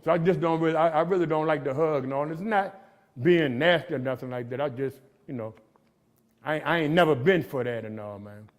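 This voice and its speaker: In a slightly quick, fairly high-pitched voice, a middle-aged man tells his recovery story at a jail gathering. It's a motivational talk full of street slang, with "man" capping off his lines.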